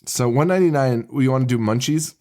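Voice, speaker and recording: Male co-host, casual movie-chat delivery, mid-pitched, rambling, laughs a lot. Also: moderate pace, mellow. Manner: laughs often, rambling with fillers and restarts. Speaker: podcast co-host.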